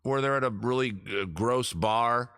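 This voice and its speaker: Bright-voiced man chatting on a stream. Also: medium pitch, measured pace, clean tone, dry recording, studio quality. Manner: chatty, reads viewer comments aloud and answers them. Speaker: live-stream host. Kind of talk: casual live-stream chat. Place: seated at home on a rolling chair.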